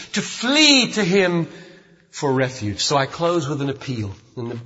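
A man preaching a sermon as pastor, emphatic, building to loud, slow declarations. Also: high-pitched, big pitch swings, husky. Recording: lo-fi recording in a reverberant hall.

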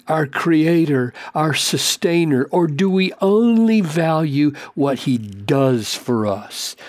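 A male preacher gives a sermon in a slow, husky voice. He presses rhetorical questions and builds to emphatic, high-pitched peaks. The recording is dry and close to the mic. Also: dry recording.

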